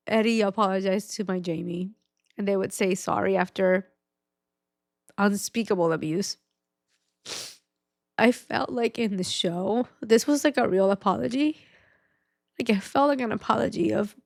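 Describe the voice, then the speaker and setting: A woman's voice: fairly high pitch, normal speed, creaky, long pauses, dry recording, studio quality. A woman hosting a podcast, speaking frankly and emotionally in a personal monologue, swearing often. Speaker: podcast host.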